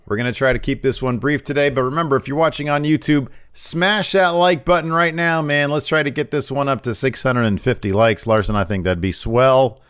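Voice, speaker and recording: A man's voice: medium pitch, a little fast, few pauses, a bit bright, clear, resonant tone, no room sound, clean studio sound. A man hosting a wrestling news podcast in casual chat, jokey and playful. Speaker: podcast host.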